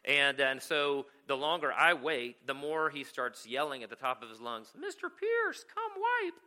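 A man's voice: mid-range voice, fairly even intonation, normal speed, pushed and bright, smooth. A man preaching a sermon as a pastor, telling a story and often checking in with "right?". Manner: storytelling, keeps asking "right?".

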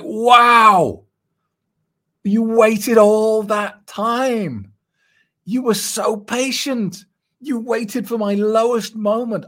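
Husky-voiced middle-aged male coach. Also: medium pitch. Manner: earnest, emphatic, conversational with repetitions. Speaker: quit-drinking coach. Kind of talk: advice monologue answering a listener's email.

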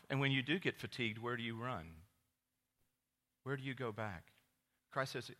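A man preaching a sermon as pastor, telling stories with lively quoted voices that jump high and loud. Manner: storytelling with animated quoted voices, rising to loud high exclamations.

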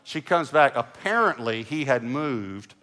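Man, middle-aged pastor, bright forceful voice, animated sermon storytelling, hushed lows and loud bursts. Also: unhurried.

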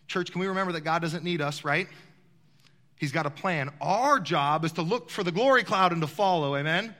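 A pastor with a high, bright voice preaches a sermon in a large church hall, throwing questions out to his congregation. His delivery is animated and direct at a moderate pace, and a long reverb rings through the hall.

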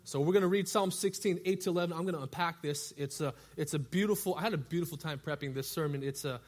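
A man's voice: fairly high pitch, quick pace. Chatty man preaching a youth sermon. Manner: conversational, storytelling, frequent filler words. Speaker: youth and young adult pastor. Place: church.

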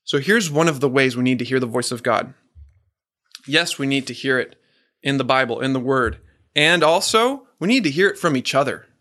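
Male preacher, mid pitch, earnest and emphatic sermon delivery. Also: expressive, bright, forceful tone. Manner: earnest, slow and emphatic, asks the audience questions.

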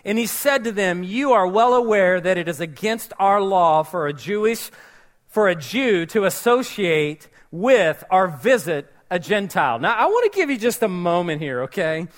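A man's voice: sits high, big pitch swings, moderate pace. A man preaching a sermon, telling a Bible story and acting out its characters' voices. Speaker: pastor.

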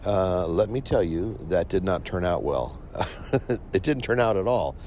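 A man recording a casual voice memo on his phone aboard a ship at sea, in a groggy early-morning voice and a wry, unhurried way. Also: sits low, animated, a little mellow, slight background noise. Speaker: podcast host.

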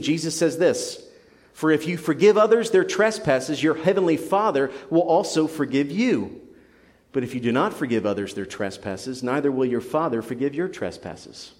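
A man's voice: on the high side, moderate pace, big-room sound. A young adult man preaching a sermon in a church, earnest and building to emphatic passion. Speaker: pastor. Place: church sanctuary.

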